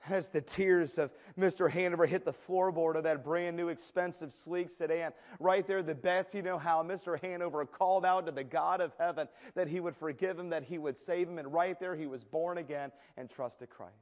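A male preacher telling a story in a sermon, animated and often repeating words as he goes. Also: a little high, moderate pace, hardly any pauses. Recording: echoey hall with long reverb.

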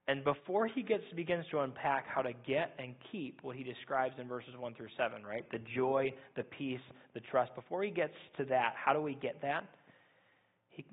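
A young man preaching a sermon as pastor, quick and energetic, often asking "right?". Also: medium pitch, gravelly, slightly rough. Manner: fast-talking, energetic, repeats "right?". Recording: tinny phone-like sound.

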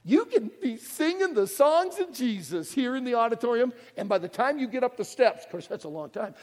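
Animated, gravelly preacher. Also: male voice, high voice, normal speed, big-room sound. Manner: animated, folksy, pulls the crowd into call-and-response. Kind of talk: sermon. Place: church auditorium.

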